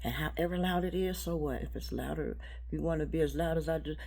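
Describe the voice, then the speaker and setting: Woman, low-pitched, rambling spiritual talk; halting, repetitive, shifts between hushed and loud. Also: creaky. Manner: halting, repeats words.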